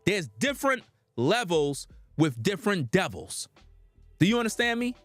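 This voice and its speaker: A man delivering street-style preaching commentary in an emphatic, slangy way with drawn-out dramatic pauses. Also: high voice, very animated, fairly bright tone, no echo, faint music behind.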